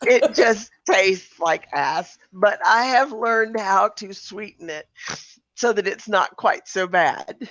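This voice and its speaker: A man with a fairly high voice rambles through casual podcast chat, stopping and restarting his sentences as he goes. He is getting over the flu. The mic is dull and dry, like a cheap home setup. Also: slow, a bit bright, no room sound. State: recovering from flu. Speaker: podcast co-host.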